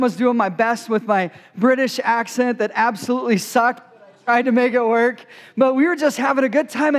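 A man speaking as a guest at a youth gathering, telling an animated travel story with quick asides. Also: very high voice, long reverb tail. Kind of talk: storytelling talk to a youth group.

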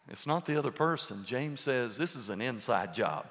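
A man preaching a sermon to his church, firing rhetorical questions and swinging between loud and hushed delivery. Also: mid-range voice, animated, normal speed, hardly any pauses, big-room sound. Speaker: pastor. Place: church sanctuary.

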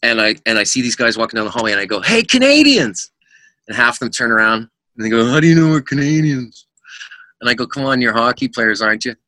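A middle-aged man, a musician guest, telling lively anecdotes in casual chat and acting out the voices of people in them. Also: on the low side, rapid-fire, hardly any pauses, dry recording. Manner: animated anecdotes with quoted voices.

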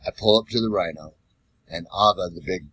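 A man's voice: low-pitched, brisk. A man telling a wild cab-driving story in casual, profane chat, acting out the voices of the people in it. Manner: profane, animated, acts out voices in his stories. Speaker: podcast co-host, former cab driver.

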